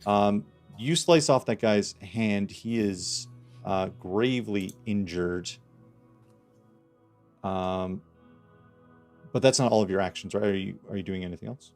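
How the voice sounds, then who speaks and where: Male game master, low-pitched, relaxed and rambling, faint music bed. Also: measured pace, long pauses. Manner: relaxed, laughing, filler-heavy narration. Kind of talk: running a tabletop game online.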